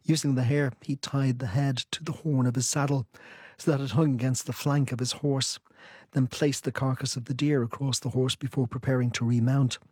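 Husky-voiced man reading his own book. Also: medium pitch, fairly even intonation, darkish tone, dry recording. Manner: thoughtful, measured. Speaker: author. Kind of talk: interview answers and reading aloud from his book.

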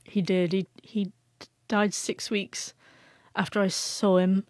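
A woman's voice: mid-range voice, little pitch movement, slow, dry recording. Brief: stuttering woman, young adult, author guest, dry close mic, sincere storytelling. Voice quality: stutters, repeats sounds. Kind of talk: emotional personal storytelling.

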